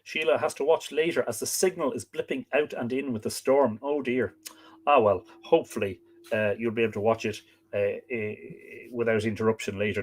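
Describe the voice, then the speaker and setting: A man's voice: medium pitch, steady tone, a little fast, breathy edge. A man hosting a live stream, reading old myths aloud, chatting with viewers and stopping to work out pronunciations.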